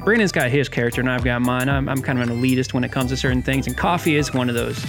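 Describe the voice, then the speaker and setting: A man's voice: medium pitch, racing, music in the background. A man co-hosting a podcast in casual banter, dry and teasing with a mock-snobbish edge. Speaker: podcast co-host.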